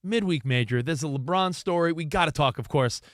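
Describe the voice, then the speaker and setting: A man co-hosting a sports talk radio show from a studio, bantering and teasing with quick jokes. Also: a little high, no room sound.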